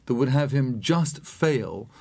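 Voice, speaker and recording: Guy telling a story, animated, keeps chuckling, mid pitched voice. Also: takes it slowly, gravelly. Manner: animated, laughs often while telling. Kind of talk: anecdotal storytelling.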